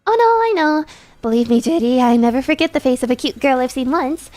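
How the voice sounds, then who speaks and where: Woman doing a panicky young vampire girl, whiny, frantic, high, swooping. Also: expressive, fairly quick, a little mellow. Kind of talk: voice acting a game's dialogue on stream.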